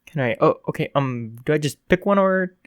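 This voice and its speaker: A man voicing a shy, flustered teenage boy student in a read-aloud fan story, speaking softly and stammering. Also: on the high side, lively intonation, fairly quick, no room sound, clean studio sound, close to an everyday voice. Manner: hesitant, stammering, soft.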